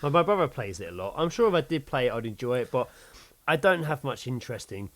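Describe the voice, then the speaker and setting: Lively tired man chatting. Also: medium pitch, fast. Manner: animated, laughing, self-mocking. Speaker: podcast co-host. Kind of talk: casual chat.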